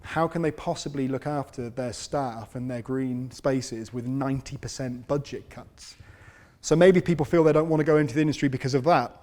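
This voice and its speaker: A man giving a conversational conference talk, relaxed and self-deprecating, with dry humour. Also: mid-range voice, normal speed. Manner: relaxed, lots of fillers and repeats. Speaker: conference speaker on urban forestry. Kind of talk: conversational lecture.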